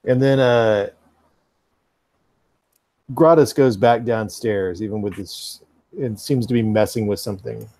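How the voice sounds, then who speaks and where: A man narrating a tabletop game as game master, describing scenes in a halting way with fillers. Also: lowish voice, a little mellow, no room sound.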